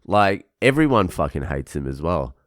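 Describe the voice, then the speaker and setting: Deep-voiced swearing young man. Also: very animated, moderate pace, dry recording, studio quality. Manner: swears constantly, ranting. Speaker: vlogger. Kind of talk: casual venting monologue.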